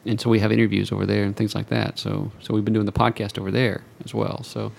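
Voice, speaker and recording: A man co-hosting a casual podcast chat, talking in halting starts and repeated words. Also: on the low side, flat delivery, gravelly, a little mellow.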